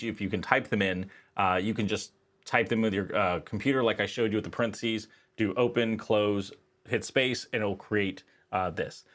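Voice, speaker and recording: Lower-pitched male instructor, relaxed screen-tutorial delivery, chatty with filler words. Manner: casual, conversational with frequent fillers. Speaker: statistics instructor. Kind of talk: screen-recorded software tutorial.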